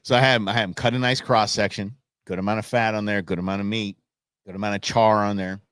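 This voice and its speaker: A man hosting a live stream show, ranting and joking in a casual, animated way. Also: fairly low pitch, quick pace, smooth, dry recording, studio quality. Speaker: host. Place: Phoenix.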